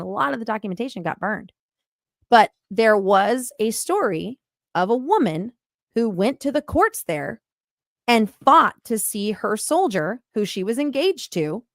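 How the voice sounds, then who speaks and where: A middle-aged woman casually telling a podcast host about her paranormal experience, in an animated, emphatic way with many fillers. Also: mid-range voice, no room sound. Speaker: paranormal investigator guest.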